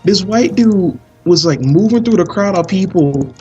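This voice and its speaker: A man telling a long story in casual chat during a live game stream, animated and full of slang. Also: sits high, measured pace, husky, highs cut off, soft background music. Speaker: stream commentator.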